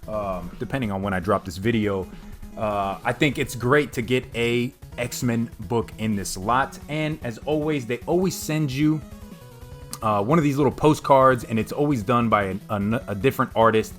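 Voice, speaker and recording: Casual male vlogger, mid-pitched, talky unboxing chat, faint music under. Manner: chatty, calls viewers "guys", lots of fillers. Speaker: vlogger reviewing comics and bourbon.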